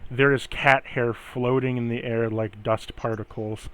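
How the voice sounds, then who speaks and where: A man narrating a tabletop game as game master, in a relaxed, halting way. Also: mid-range voice.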